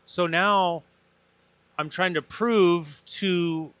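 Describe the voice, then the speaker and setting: Bright-voiced man telling a personal story. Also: sits high, fairly even intonation, drawn-out words, no echo. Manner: earnest, emotional, acts out dialogue in his story. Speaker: podcast guest, breathwork facilitator.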